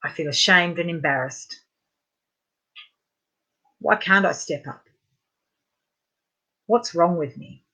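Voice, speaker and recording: Female practitioner leading guided tapping, a bright, clear tone, informal and gentle. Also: on the low side, takes it slowly, pauses often. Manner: gentle, repetitive guided statements for listeners to echo; chatty and informal, with frequent fillers.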